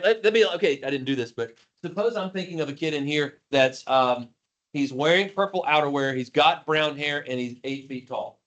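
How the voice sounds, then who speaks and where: A man teaching math to a class, animated and jokey, calling on students by name. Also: fairly high pitch. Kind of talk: classroom lecture.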